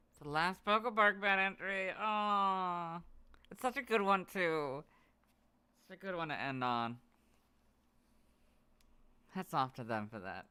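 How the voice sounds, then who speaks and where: A tired man hosting a livestream while editing, reading entries aloud loudly, then trailing off into weary murmurs in his apartment. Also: high-pitched, slow, pauses often, clean tone. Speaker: video editor and channel host. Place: dry apartment.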